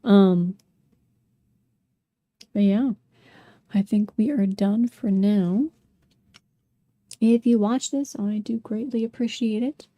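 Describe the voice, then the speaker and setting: Young woman, casual sculpting vlog, very mellow dark tone, dry close mic, rambling and apologetic. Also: mid-range voice, takes it slowly, long pauses, no room sound. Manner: chatty, apologetic, filler-heavy. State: hiccuping. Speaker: sculpting vlogger. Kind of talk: casual talk while sculpting.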